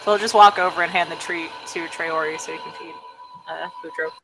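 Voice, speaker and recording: A woman narrating a tabletop game as game master in a relaxed, halting way. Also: deep voice, noisy background.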